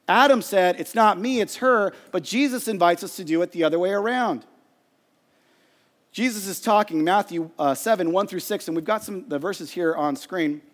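A man gives a sermon in a conversational way, acting out quotes and stories as he goes. His voice sits high for a man. The sound carries a long reverb, as in a church hall. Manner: animated, conversational preaching with acted-out quotes. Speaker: pastor.

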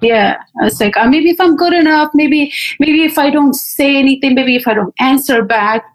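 A young woman from Pakistan recounts her life as an interview guest. She speaks in a candid, animated way with a slightly high voice and slips into the voices of people she quotes. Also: normal speed, low-quality recording. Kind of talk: personal story in conversation.

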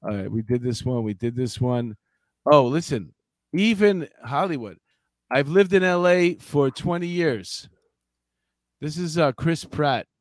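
A man in his fifties co-hosting a casual talk show, telling rambling stories with lots of excitement. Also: on the high side, unhurried, no echo, clean studio sound. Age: 50s. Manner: animated storyteller, rambling and excitable. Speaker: podcast co-host. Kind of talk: casual banter. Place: Los Angeles.

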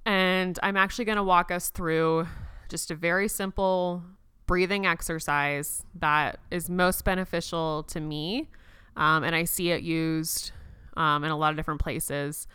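A young woman hosting a personal podcast, speaking gently and reassuringly as she leads listeners through a slow counted breathing exercise. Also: on the low side, steady tone, clear, resonant tone, no echo. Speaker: podcast host.

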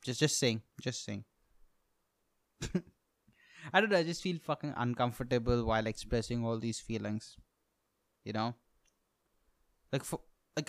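Young male comic, solo podcast monologue, profane and self-mocking, bursts of shouting, clean dry mic. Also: mid-range voice, clean tone, no echo. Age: 20s. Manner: profane ranting, laughs at own jokes, sudden loud outbursts. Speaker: podcast host, stand-up comedian.

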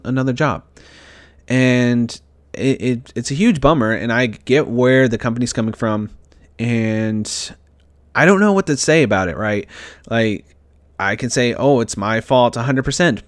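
Young guy vlogging, stressed and rambling, mid-pitched voice, dry sound. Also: smooth, no echo. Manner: rambling, with frequent restarts and fillers. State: upset and stressed. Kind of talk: casual storytelling.

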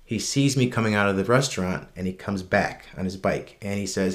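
A man casually telling a personal anecdote, relaxed and unscripted, with frequent ums and restarts, earnest and reflective. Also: on the low side, fairly quick. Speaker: storyteller.

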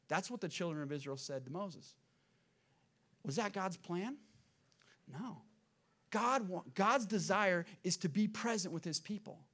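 Pastor, male, high voice, dynamic sermon delivery with loud peaks and quiet drops. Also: normal speed. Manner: dynamic preaching, swings between loud emphasis and hushed lows.

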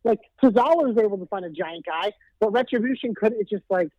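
A man's voice: high voice, animated, quick pace, dry recording. A man co-hosting a casual wrestling podcast who talks in a laid-back, candid way with some swearing. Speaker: podcast co-host. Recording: dull, dry lo-fi mic.

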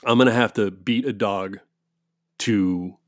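A man's voice: lowish voice, measured pace, no room sound, clean studio sound. Heated, profane man ranting to viewers. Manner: heated, profane rant with many restarts. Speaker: vlogger. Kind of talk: casual storytelling to viewers.

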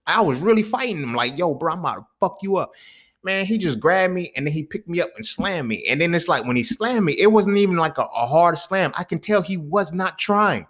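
A young adult man hosting a podcast, telling a story in casual slang, swinging from low mutters to loud, excited bursts. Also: brisk, few pauses. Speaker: podcast host.

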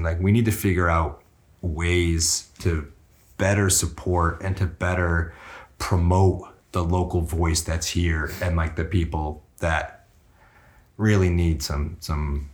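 A man with a very low voice co-hosts a casual podcast. He tells stories in a laid-back, rambling way, swearing often. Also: flat delivery, unhurried. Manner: laid-back, profane storytelling. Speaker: podcast co-host. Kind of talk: casual chat.

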